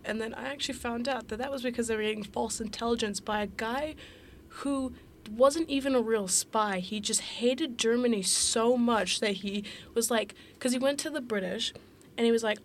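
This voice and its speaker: A woman's voice: fairly high pitch, moderate pace, slight background noise. A young woman co-hosting a podcast, chatting casually and telling a history story with lots of "like" and acted-out quotes. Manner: chatty storyteller, acts out quotes, many fillers. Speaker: podcast co-host. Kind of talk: casual chat.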